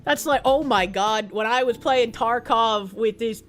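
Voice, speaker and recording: A woman's voice: fairly high pitch, a little slow, a bit bright, soft background music. A woman streamer chatting casually with her viewers, swearing freely and often breaking into squealing laughter. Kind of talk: casual chat reading viewer comments.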